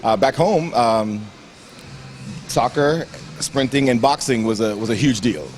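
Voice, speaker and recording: A young man from Grenada with a Grenadian accent, a bodybuilder telling his story in a gym interview, lively and acting out the voices of the people he quotes. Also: medium pitch, measured pace, slight background noise. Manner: animated storyteller who acts out quoted voices and laughs often.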